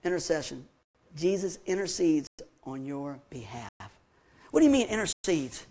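A man preaching a sermon to his congregation in a folksy, animated way, with lots of questions to the listeners. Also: a little high, moderate pace. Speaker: pastor.

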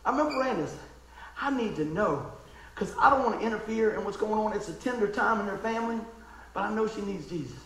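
A man preaching in a folksy, emotional storytelling style, dropping to a hush and then rising to exclaim. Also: sits high, lively intonation, fast, reverberant, rough recording. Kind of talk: storytelling sermon.

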